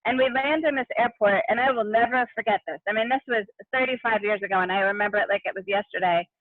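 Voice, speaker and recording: A woman's voice: mid-range voice, fast talker, no room sound. A middle-aged woman telling a personal story as an interview guest, speaking earnestly and vividly with frequent restarts. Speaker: interview guest, education consultant. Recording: tinny phone-like line, dry.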